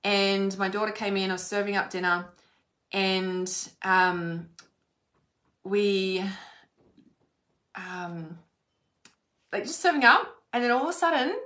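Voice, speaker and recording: A woman's voice: mid-range voice, takes it slowly, pauses often, a bit bright. A woman telling a personal story in a casual, chatty way, swearing freely and saying "like" often. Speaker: spiritual content creator. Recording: roomy echo.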